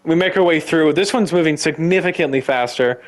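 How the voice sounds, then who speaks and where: A man telling a story in casual gaming chat, animated, swearing and laughing often. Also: a little high, fairly quick.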